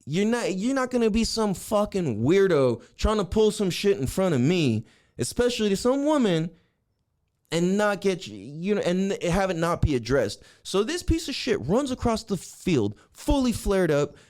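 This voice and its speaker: A man hosting a podcast, telling a heated story in a profane rant that swings between shouting and low mutters. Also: big pitch swings, normal speed. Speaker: podcast host.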